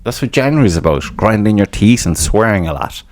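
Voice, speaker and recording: A low-voiced Irish man talks loosely on his own podcast. He rambles, drops curses constantly and mocks his own failures with a laugh. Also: expressive, fast talker, slight background noise. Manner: swears a lot, self-mocking, laughs at himself. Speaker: podcast host. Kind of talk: casual rambling monologue.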